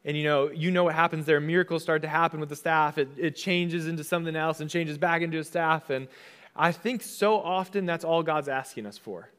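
A man's voice: fairly high pitch, fairly quick, fairly bright tone, clear, resonant tone. A young adult man, a pastor, giving a conversational sermon and casually acting out the voices he quotes.

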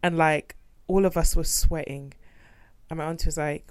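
Lively woman from a nigerian immigrant family, slightly low voice, swears a lot, very dry close sound. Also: normal speed, clear, resonant tone, no echo. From second-generation Nigerian immigrant family. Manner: animated, blunt, swears freely, bursts of laughter. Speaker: podcast co-host. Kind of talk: casual chat reviewing a documentary.

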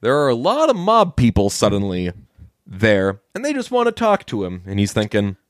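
Guy on a podcast telling a movie plot, jumps into higher voices for the characters, dry close sound. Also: normal speed, no echo. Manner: animated storytelling, acting out quoted lines in a higher voice. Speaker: podcast co-host. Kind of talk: casual movie recap chat.

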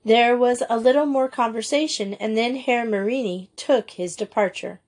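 A woman narrating a children's school story in an even, gentle reading voice. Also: a little high, moderate pace. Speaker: audiobook reader.

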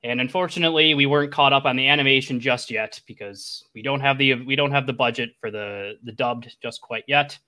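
A man voicing a grandiose male anime narrator in a tabletop game, slow and announcer-like. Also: medium pitch, sharp tone, lightly acted.

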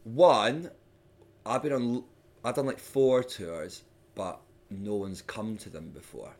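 Scottish comedian guest, lowish voice, casual storytelling with sudden shouted impressions. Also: male voice, takes it slowly. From Scotland. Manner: animated storyteller, mimics hecklers with loud sudden shouts. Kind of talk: casual podcast chat.

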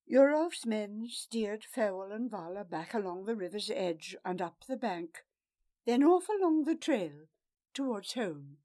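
A woman's voice: medium pitch, sing-song, a little slow, warm tone. A woman narrating a fantasy story with dramatic delivery, changing her voice for the characters. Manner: dramatic, shifts voice for each character.

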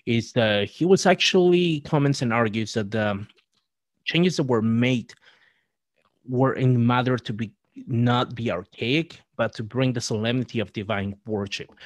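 A man appearing as a podcast guest, talking in a halting, scholarly way with frequent restarts. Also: medium pitch, dry recording. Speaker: guest, Catholic writer and presenter. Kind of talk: podcast discussion.

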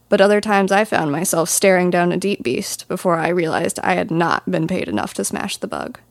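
Low-voiced woman narrating a fantasy audiobook. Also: creaky, no echo.

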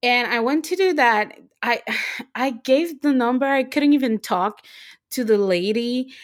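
A woman's voice: on the high side, unhurried. Chatty young woman telling a story. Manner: excitable storyteller, lots of fillers and restarts. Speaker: podcast co-host. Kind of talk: casual chat.

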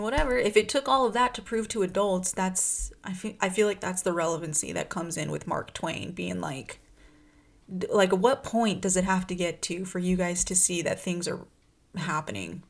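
A woman's voice: on the low side, normal speed, creaky. A young adult woman talking casually about a book series, rambling and heated, full of filler words. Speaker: book vlogger.

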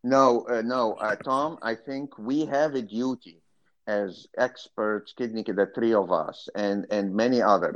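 A man's voice: on the low side, muffled recording. A man, a kidney cancer specialist, talking through an expert panel discussion with many fillers and restarts.

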